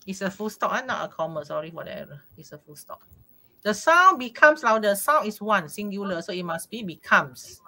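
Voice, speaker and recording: Lively bright-voiced woman teaching English. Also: mid-range voice, a little fast. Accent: Malaysian English. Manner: encouraging, explains grammar step by step. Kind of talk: live online tutoring lesson.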